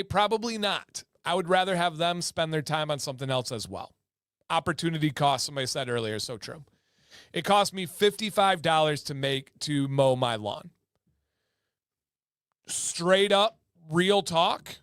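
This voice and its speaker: A man's voice: a little high, animated, unhurried, fairly bright tone, smooth, dry recording. A man hosting a casual livestream chat from a home studio, talking emphatically and repeating words for stress. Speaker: livestream host.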